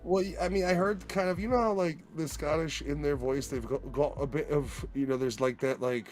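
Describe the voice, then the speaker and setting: A man's voice: a little high, a little mellow, faint music behind. A man hosting a live drawing stream, chatting casually and cracking jokes. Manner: joking, quick with wisecracks. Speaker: stream host. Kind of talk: casual chat.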